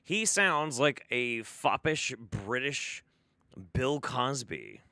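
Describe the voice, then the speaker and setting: Guy streamer ranting sarcastic, bright voice, super dry sound. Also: medium pitch, lively intonation, very slow, dry recording. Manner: sarcastic, profane, mocking. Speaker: streamer host reacting to videos. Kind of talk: live-stream commentary.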